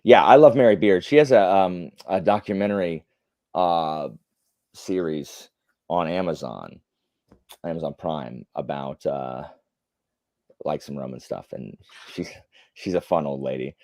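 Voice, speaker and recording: In a very deep, darkish voice, an unhurried livestream host leaves long pauses while chatting casually and reading viewer comments. His answers ramble, heavy with fillers and blunt opinions. There's no echo, and the sound is clean studio quality.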